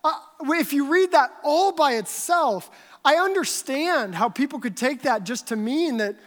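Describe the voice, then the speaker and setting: A woman giving conversational Bible teaching, telling stories in an animated, chatty way. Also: sits high, a little slow. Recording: long hall reverb.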